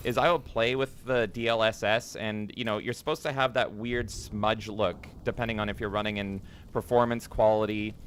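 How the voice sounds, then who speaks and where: A man's voice: medium pitch, a bit bright, slight background noise. A man streaming a video game, giving rambling, casual commentary with frequent swearing and jokes. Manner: rambling, swears freely, jokey.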